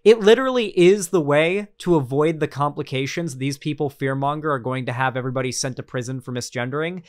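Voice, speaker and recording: A man's voice: on the high side, clear, resonant tone. A man streaming casual political commentary, rambling and sarcastic, with lots of fillers and restarts.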